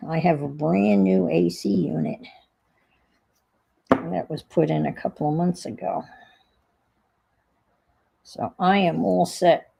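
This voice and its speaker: A woman's voice: on the low side, vocal fry, mellow, husky, rough recording. A woman with a New York accent chatting casually and thinking aloud while she crafts at home on a livestream.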